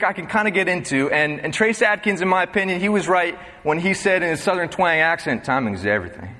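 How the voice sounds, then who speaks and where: Young male preacher, high-pitched, humorous, repeats phrases, reverberant church hall. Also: a bit bright. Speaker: preacher leading a Bible study. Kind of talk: sermon.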